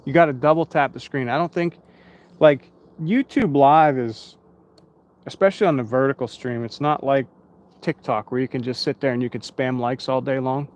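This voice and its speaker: A man's voice: medium pitch, steady tone, fairly quick. A tired man hosting a casual live stream outdoors at night, rambling and chatting with his viewers.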